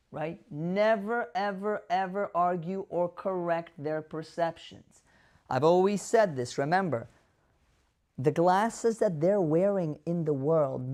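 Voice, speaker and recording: A man's voice: high-pitched, a little mellow. A man, a doctor hosting an educational talk to camera, speaking emphatically, asking the viewer rhetorical questions and repeating key words for stress. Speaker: doctor and show host.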